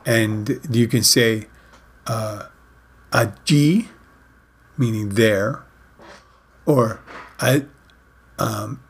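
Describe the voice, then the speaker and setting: A man's voice: lowish voice, fairly even intonation, vocal fry, breathy edge. A man hosting his own podcast, rambling in a casual solo monologue and often correcting himself mid-sentence. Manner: rambling, self-correcting, says he talks fast. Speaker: podcast host.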